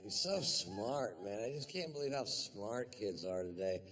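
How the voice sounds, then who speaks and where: A middle-aged man doing a stand-up comedy routine on stage in a drawling, deadpan way. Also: fairly low pitch, unhurried. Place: stage before a live audience.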